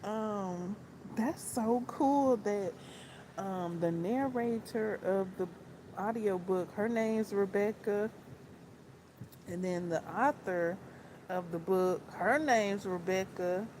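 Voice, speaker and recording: A woman's voice: mid-range voice, slow, darkish tone, slight background noise, low-quality recording. A woman vlogging about books in a casual, rambling way, often repeating herself and laughing as she talks. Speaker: book vlogger. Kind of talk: casual chat.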